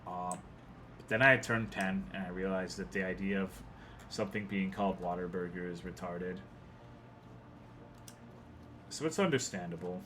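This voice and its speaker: A man's voice: low voice, brisk, pushed and bright, a little hiss or hum. A young man from Texas giving rambling, profane commentary while livestreaming a video game, reading and answering chat. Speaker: game streamer.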